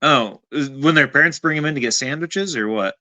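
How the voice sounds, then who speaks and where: A man co-hosting a casual movie-review podcast, talking in an animated way, swearing freely and cutting in on the others. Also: mid-range voice, brisk, no room sound. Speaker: podcast co-host.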